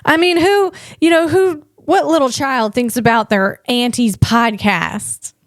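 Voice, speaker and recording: A woman podcast host and comedian telling rambling, playful stories about family outings in a casual chat, gushing and animated and full of "man" and "you know". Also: high-pitched, a little slow, no room sound, studio quality. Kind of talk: casual comic storytelling.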